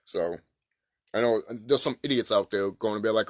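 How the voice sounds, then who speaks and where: A man rants to his camera in a loose, profane, emphatic way, his pitch jumping around a lot. The sound is dry and close, with no room around it. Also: expressive, normal speed, fairly bright tone, no room sound. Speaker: vlogger. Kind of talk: casual spiritual rant to camera.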